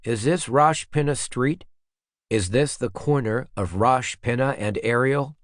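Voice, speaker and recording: A man's voice: mid-range voice, a little slow, dry recording, clean studio sound, voice pushed up, lightly acted. A man reading an audiobook, voicing a peremptory elderly American man with an American accent. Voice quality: peremptory, brusque.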